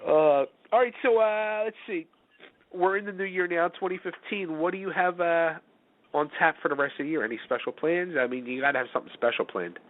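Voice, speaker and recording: A man's voice: fairly high pitch, fairly quick. A man hosting a show, chatting with easy, friendly banter over the phone. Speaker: radio host. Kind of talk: casual chat. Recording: tinny phone line.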